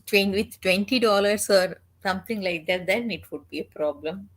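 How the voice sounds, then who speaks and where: A woman chatting on a reading stream, easygoing and teasing, with some hesitant pauses. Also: medium pitch, a bit bright. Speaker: guest reader on the stream. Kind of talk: casual chat.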